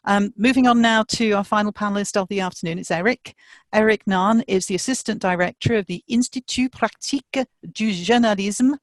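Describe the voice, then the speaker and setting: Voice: mid-range voice, steady tone, fairly quick, dry recording. A session chair, introducing panelists over a video call in a chatty, stumbling way. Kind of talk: conference moderating.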